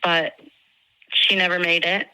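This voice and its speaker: An earnest woman recounts, in an emotional and halting way, a conversation with a friend, with plenty of fillers and restarts. Her voice is very bright and clear, and it sits close and dry on the mic with no room sound. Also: fairly low pitch, level tone, no echo, low-quality recording. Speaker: friend of the victim.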